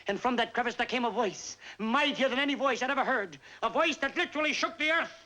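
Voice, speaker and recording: A man's voice: very high-pitched, fast talker, bright, forceful tone, low-quality recording. An actor playing a self-mocking male entertainer just home from army service, telling a wry story with comic timing in a 1950s film stand-up monologue. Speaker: stage entertainer.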